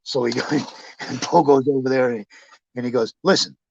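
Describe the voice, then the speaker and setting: A storytelling guest in casual chat rambles through profane anecdotes, swearing and laughing along the way. His mid-range voice is darkish and flat, at a moderate pace, with no room sound, captured in dull, dry lo-fi.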